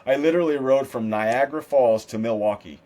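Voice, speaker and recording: A man's voice: mid-range voice, fairly quick, warm tone. A man guesting on a podcast, telling stories in a loose, profane, casual way and acting out what other people said. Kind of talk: casual storytelling interview.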